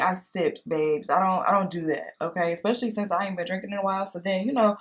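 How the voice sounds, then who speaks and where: A woman vlogger chatting casually while doing makeup, telling a date story in a sassy, animated way and calling the listener girl and baby. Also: fairly low pitch, fast talker, hardly any pauses. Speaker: beauty vlogger. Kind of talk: casual storytime chat during makeup tutorial.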